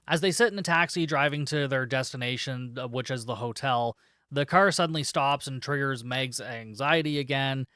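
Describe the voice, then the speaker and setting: Smooth-voiced man recapping a film, sarcastic. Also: medium pitch, fairly bright tone, dry recording, studio quality. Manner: chatty, sarcastic, profane asides. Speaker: podcast host reviewing a film. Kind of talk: casual spoken film recap.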